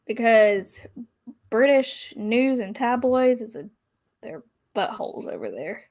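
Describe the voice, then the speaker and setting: Slow-talking playful woman co-host. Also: a little high, animated, a little mellow. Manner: playful, teasing. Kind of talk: casual live-stream chat.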